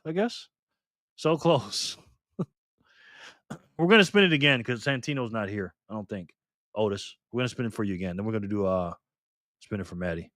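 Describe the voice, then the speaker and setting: A man hosting a live stream in a loose, joking way, reading the chat messages out loud. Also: medium pitch, no room sound, studio quality. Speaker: livestream host.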